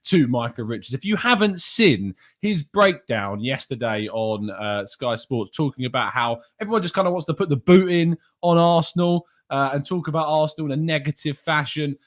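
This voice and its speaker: A man's voice: fairly high pitch, expressive, normal speed, hardly any pauses. A man from England hosting a live show in a casual, chatty way, greeting viewers by name. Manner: chatty, reads out viewer names, slips into a put-on northern accent. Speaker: podcast host.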